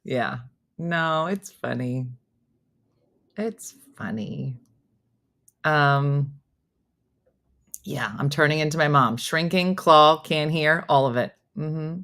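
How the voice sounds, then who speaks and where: A woman hosting a comedy morning show, chatting casually, telling animated stories with frequent laughs and acting out family exchanges. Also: sits low, takes it slowly, pauses often. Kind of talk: casual live-show chat reading viewer comments.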